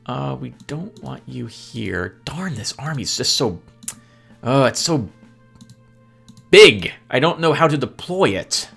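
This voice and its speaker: A man's voice: mid-range voice, very animated, slow, gravelly, fairly bright tone, husky, faint music behind. A man giving chatty gameplay commentary as host, laughing often and sounding sheepishly apologetic. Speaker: let's play host.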